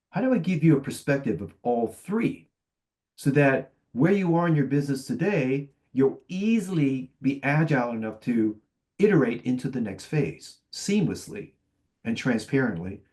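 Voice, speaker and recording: A man speaking on a sales conference panel, his voice sitting in an ordinary middle register. He tells animated anecdotes and acts out the back-and-forth of client conversations. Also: mid-range voice. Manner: animated anecdotes with quoted dialogue. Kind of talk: panel discussion storytelling.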